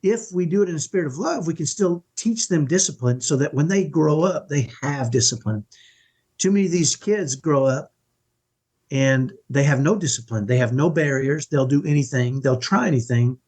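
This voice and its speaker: Emphatic husky-voiced man. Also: a little high, animated, normal speed, a little mellow. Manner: emphatic, earnest, keeps asking "right?". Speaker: podcast guest, parenting coach. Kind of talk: conversational interview.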